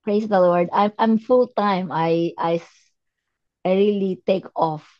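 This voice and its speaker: A woman's voice: medium pitch, slow, lo-fi sound. A woman student speaking earnestly on a video call, with devout exclamations.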